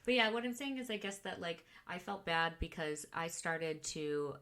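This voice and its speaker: A woman's voice: on the low side, fairly even intonation, moderate pace, a bit bright. A woman in her thirties from Illinois, co-hosting a podcast in casual chat, candid and swearing freely with lots of fillers. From Illinois, USA. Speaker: podcast co-host.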